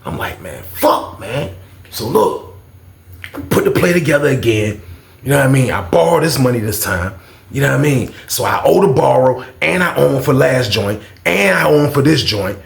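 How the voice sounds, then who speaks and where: A man's voice: medium pitch, sing-song, normal speed, creaky, echoey room. A man casually retelling a prison story in slangy speech, acting out the other people's voices as he goes.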